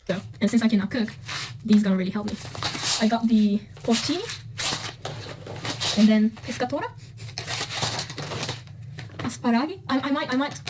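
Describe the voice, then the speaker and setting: A woman's voice: fairly high pitch, moderate pace, long pauses, background noise. A woman in a casual vlog chatting about her shopping, upbeat and stumbling over foreign words. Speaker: vlogger in a clip.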